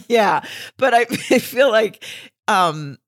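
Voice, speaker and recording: In a casual reality-show recap, this podcast co-host talks frankly, cursing and laughing a lot. She has a slightly high voice, lively intonation, and drawn-out words, heard in a dry, clean studio recording.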